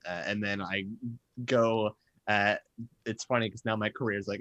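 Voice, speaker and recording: A man's voice: fairly low pitch, steady tone, a little fast, a bit bright, no echo. A man chatting casually on a live stream, rambling and self-mocking with frequent swearing. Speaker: tabletop game writer.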